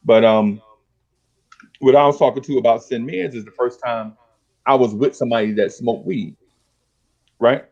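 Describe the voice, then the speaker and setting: A man's voice: mid-range voice, moderate pace, pauses often, dull audio. A middle-aged man telling street stories in casual chat, full of slang and acting out the voices of old friends. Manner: streetwise slang, animated storytelling, acts out dialogue. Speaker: podcast host.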